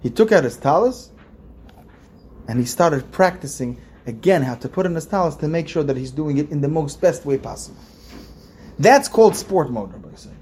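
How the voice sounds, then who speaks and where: A man's voice: fairly high pitch, a little mellow, a little hiss or hum. A man, a rabbi, giving an informal religious lesson in a conversational way, repeating phrases and asking his listeners questions. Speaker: rabbi teaching a class.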